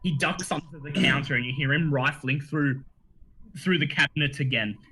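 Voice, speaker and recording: A man narrating a tabletop game as game master, describing scenes in a lively, storytelling way. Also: on the high side, normal speed, slight background noise. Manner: animated storyteller, laughs along.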